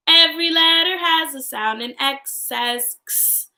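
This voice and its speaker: A young woman teacher leads a class online in a cheerful sing-song voice. She draws her words out slowly and chants along with the children. Her tone is bright, with a gravelly edge. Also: high-pitched, low-quality recording. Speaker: kindergarten teacher. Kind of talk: online class livestream, singing and chanting phonics.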